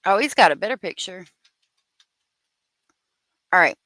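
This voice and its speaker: Slow-talking woman livestreamer. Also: medium pitch, lively intonation, a bit bright, no room sound, rough recording. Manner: chatty, laughs often, drawn-out exclamations. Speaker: true crime livestream host. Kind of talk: casual livestream chat reading comments.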